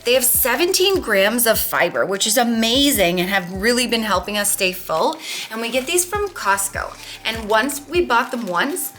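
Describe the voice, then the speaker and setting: A chatty, enthusiastic woman in her thirties talks through her food in a casual vlog. Her voice is bright and clear. Soft music plays faintly underneath. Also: a little high, sing-song, normal speed. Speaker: vlog host.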